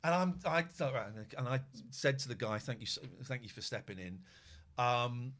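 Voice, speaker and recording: A middle-aged man, hosting a podcast and telling a story with a lot of swearing and shouted re-enactments. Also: mid-range voice, animated, normal speed. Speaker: podcast host. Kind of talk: animated storytelling.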